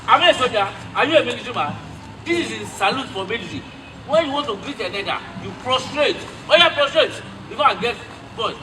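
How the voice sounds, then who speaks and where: A man's voice: extremely high pitch, animated, fast, distant mic, noisy background. Man playing a strict Nigerian dad. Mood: scolding. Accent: Nigerian Yoruba. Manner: scolding, indignant, mixes pidgin and Yoruba. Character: strict Nigerian father scolding his son. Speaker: skit actor.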